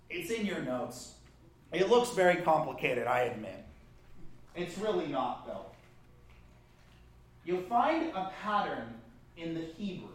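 Animated preacher man in an echoey room. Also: fairly high pitch. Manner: animated, with rising emphasis and frequent restarts. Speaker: pastor. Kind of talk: sermon.

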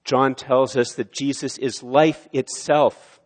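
A man preaching a sermon in a church, swelling loud on key lines and dropping low and quiet on others. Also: little pitch movement, slow. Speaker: pastor. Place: church sanctuary. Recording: long hall reverb of a church.

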